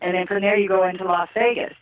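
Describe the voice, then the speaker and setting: A woman's voice: medium pitch, quick pace, a crowd in the background. A middle-aged woman from California, telling stories in a casual interview, laughing and acting out what people said. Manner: animated, laughing, acts out quotes. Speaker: guest, former wrestler. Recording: tinny phone line.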